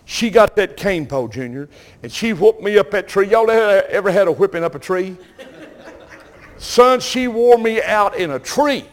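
An older man with a Southern US accent, preaching and telling folksy, animated stories while calling out to the congregation. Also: high voice, normal speed. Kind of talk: sermon storytelling.

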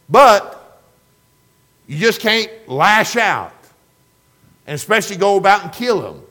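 A man's voice: sits high, fairly bright tone. A man preaching a sermon in an earnest, plainspoken way, putting direct questions to his listeners.

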